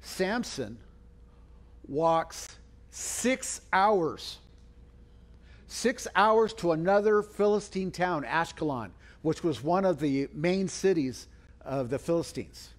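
Preaching as a pastor, a middle-aged man recounts a story and voices the quoted speakers himself, swinging widely in pitch.

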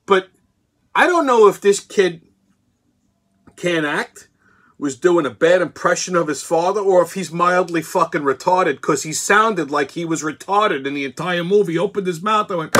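A man's voice: sits high, normal speed, a bit bright. A man hosting his show, ranting bluntly and crudely about a movie with constant swearing. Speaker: show host. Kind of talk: profane movie rant.

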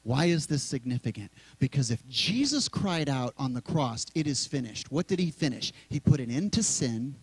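A middle-aged male pastor preaching in a church sanctuary, talking conversationally and slowly repeating key words. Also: mid-range voice, very animated, slightly rough, no echo, rough recording. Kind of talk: sermon.

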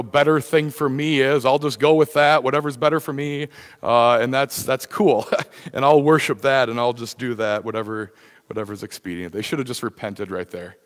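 A man preaches in a loose, conversational way, stumbling over restarts and scattering fillers through his points. His voice sits in an ordinary middle register. It rings out with the long reverb of a church sanctuary. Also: mid-range voice. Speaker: pastor. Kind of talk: sermon.

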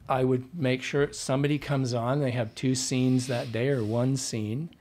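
A man's voice: medium pitch, fairly even intonation, moderate pace, a little mellow. A middle-aged man, a dialect coach, telling anecdotes in a casual interview and quoting himself as he goes.

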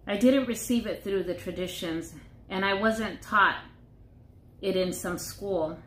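A woman co-pastor reading a Bible passage aloud, careful and measured. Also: medium pitch, a bit bright. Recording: echoey room, off-mic, faint noise.

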